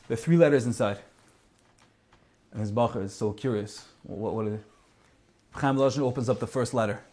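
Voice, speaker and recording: A man's voice: medium pitch, a little mellow. A man telling a story in a sermon, earnest and emphatic, repeating words for weight. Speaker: speaker.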